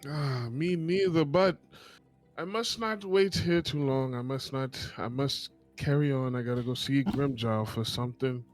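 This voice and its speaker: Here is a returning elf queen with a Jamaican lilt, proud and stately, as a man puts her on at the game table. She speaks at an unhurried, measured pace. Her voice sits in an ordinary middle range. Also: mid-range voice, soft background music, natural voice. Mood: warm regal.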